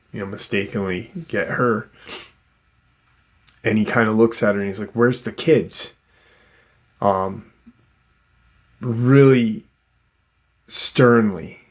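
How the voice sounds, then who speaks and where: A man casually retelling someone's encounter as a story, rambling with lots of fillers and restarts. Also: lowish voice. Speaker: host retelling a witness's encounter.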